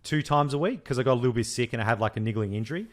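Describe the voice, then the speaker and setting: Young guy on a podcast, mid-pitch voice, swears a lot, blunt and chatty, teases his mate. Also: very fast. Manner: animated storytelling, teasing his co-host. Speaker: podcast co-host. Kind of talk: casual chat.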